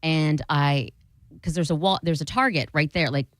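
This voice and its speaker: A young woman telling a story in a casual chat, animated and swearing, acting out what people said. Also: sits low, moderate pace, no room sound. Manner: animated, swearing, acts out quotes.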